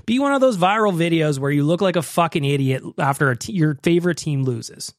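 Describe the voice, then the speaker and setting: A man's voice: fairly high pitch, animated, fairly quick, few pauses, no echo, clean studio sound. A man hosting a podcast, ranting with profanity and reading sponsor plugs. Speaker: podcast host.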